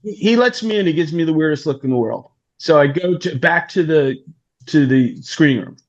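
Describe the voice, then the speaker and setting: Guy telling a showbiz story, kinda high voice, acts out everyone, muffled lo-fi sound. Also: moderate pace. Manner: animated, acts out quoted voices. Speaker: guest storyteller, talent manager. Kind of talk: casual anecdote telling.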